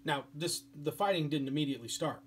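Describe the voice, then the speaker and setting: A man's voice: on the high side, fast, slight background noise. A man giving a history lecture as a teacher, speaking in a casual, chatty way with many fillers. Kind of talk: classroom lecture.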